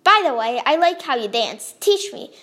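A woman's voice: sits high, very animated, normal speed, a bit bright, heavily acted. A woman voicing a sarcastic, impatient boy bully in a read-aloud story.

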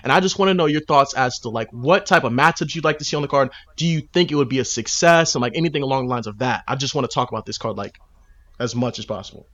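Fast, bright-voiced fired-up man. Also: mid-range voice, muffled recording. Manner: passionate, fired-up opinions. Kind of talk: casual chat.

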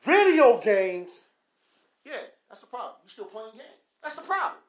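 High, lively man ranting bluntly. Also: normal speed. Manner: blunt, scolding, mocking quacks. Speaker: podcast host. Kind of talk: preachy motivational rant. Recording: echoey room.

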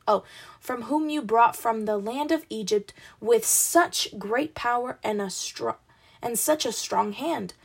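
A woman's voice: on the high side, unhurried, creaky, husky. A woman reading a Bible passage aloud in a casual way, stumbling and apologizing for her slips. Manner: apologetic, stumbling over words, laughing at own mistakes. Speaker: Bible reader.

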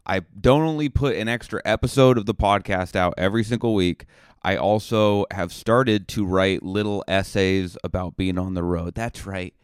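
Speaking at a moderate pace, this comedian and podcast host has a clear, resonant voice that sits low. The studio-quality recording has no room sound. A young road comic from Massachusetts, he rambles through a self-mocking, jokey solo monologue.

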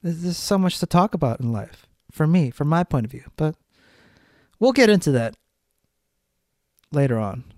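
A man's voice: on the high side, big pitch swings, moderate pace, pauses often, a little mellow, no room sound, clean studio sound. A man hosting a solo podcast, talking bluntly and ranting with frequent swearing. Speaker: podcast host.

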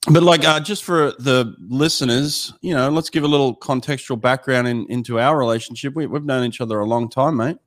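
A man, hosting a podcast and chatting relaxed and friendly with a longtime mate. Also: mid-range voice, fairly quick, few pauses, no echo, clean studio sound. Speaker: podcast host. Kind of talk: casual interview chat. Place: home room in Delaware.

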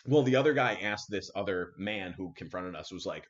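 A man host telling a story casually, animated, with many fillers, acting out what people said. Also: on the low side, brisk. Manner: animated, full of fillers and acted-out quotes. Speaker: podcast host. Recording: dull lo-fi sound.

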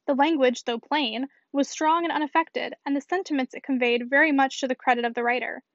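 A woman reading a novel aloud as an audiobook narrator, in an even, measured manner. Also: high voice, creaky, no room sound. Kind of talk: scripted narration. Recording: dull, dry lo-fi recording.

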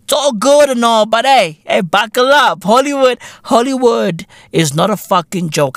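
A South African man hosting a podcast, ranting alone and swearing heavily. He slips local slang and Sesotho phrases into his English and swings from low mutters to loud shouts. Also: animated, moderate pace, vocal fry, hardly any pauses, no echo, studio quality. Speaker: podcast host. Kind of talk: solo profane rant.

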